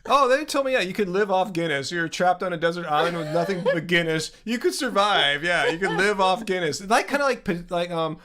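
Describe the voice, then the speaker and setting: A man's voice: high-pitched, lively intonation, fairly quick, few pauses, bright, forceful tone. A man co-hosting a live stream, chatting casually, rambling with fillers and laughing often. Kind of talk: casual chat.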